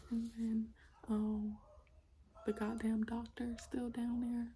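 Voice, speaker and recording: A young woman vlogger at home, casually telling a personal story in a soft, often half-whispered voice full of "like". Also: a little high, monotone, takes it slowly, slight background noise. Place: at home with her small children.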